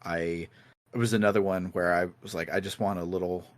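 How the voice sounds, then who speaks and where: A man talks in a relaxed, meandering way as he co-hosts a video game podcast, often laughing. His voice sits a little low, and the recording is close and dry, with no room sound. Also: brisk, no room sound. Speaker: podcast co-host. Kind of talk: casual chat about video games.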